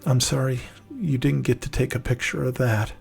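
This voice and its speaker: A man voicing a soft, fading noblewoman. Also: very deep voice, fairly even intonation, moderate pace, vocal fry, slightly rough, faint music behind, exaggerated voice. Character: wounded noblewoman, grieving and fading.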